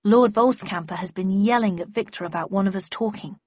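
A woman voicing a colleague who passes on news over the phone in a measured, matter-of-fact way. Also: mid-range voice, a little mellow, slightly rough, dry recording, highs cut off, natural voice. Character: hurried colleague passing on office news by phone.

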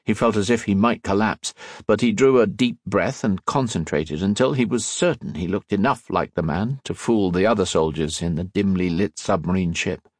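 A man narrating an audiobook in a measured, steady storytelling voice, close on the mic. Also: low-pitched, dry recording. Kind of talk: scripted narration.

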